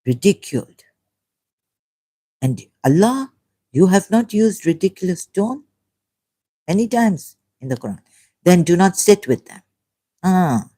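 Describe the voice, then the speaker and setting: A woman, hosting a livestream and talking off the cuff in a rambling, animated way, often breaking into laughter. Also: on the low side, unhurried, long pauses, slightly rough. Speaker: livestream host. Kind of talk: unscripted livestream monologue.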